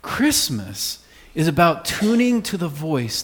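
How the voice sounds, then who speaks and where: High-voiced man preaching in a hall. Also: animated, a little slow, a little hiss or hum. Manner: earnest preaching, drops to a hush on key words. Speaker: pastor. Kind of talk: sermon.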